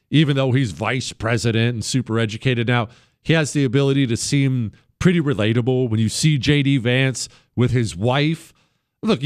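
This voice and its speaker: A man hosting a talk radio show, delivering a blunt, conversational political monologue that swings between punchy highs and low asides. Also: dry recording, studio quality. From United States.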